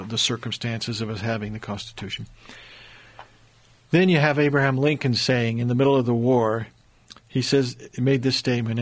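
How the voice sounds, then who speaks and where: Man telling a historical story earnestly. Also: mid-range voice. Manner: earnest, builds emphasis, frequent restarts.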